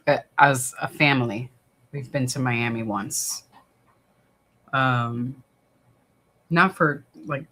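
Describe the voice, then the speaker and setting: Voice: mid-range voice, a bit bright. A livestream watch-party host from the New York area, chatting casually, reading out viewer comments and rambling with many fillers.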